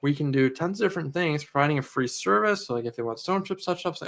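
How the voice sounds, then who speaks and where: A man co-hosting a casual podcast, telling lively stories and acting out customer conversations. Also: on the high side, fast talker, gravelly. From Canada. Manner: animated storyteller, acts out customer dialogue. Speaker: podcast co-host, auto detailer.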